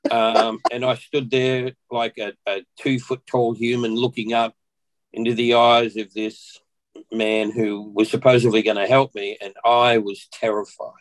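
A man's voice: medium pitch, measured pace, rough recording. A man with an Australian accent, a podcast guest telling a personal story in conversation, acting out what people said along the way. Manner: animated storyteller who acts out what people said.

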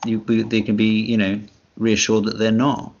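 A man's voice: fairly low pitch, monotone, normal speed. A man co-hosting a casual podcast chat, hesitant and full of fillers, with a dry, self-mocking humor. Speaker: podcast co-host. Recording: dull lo-fi sound.

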